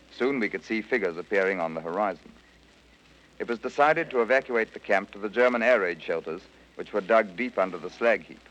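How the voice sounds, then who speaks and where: A man, a former prisoner of war, giving a measured, scripted first-person account for radio. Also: on the low side, a bit bright. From Britain. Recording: dull archival radio recording.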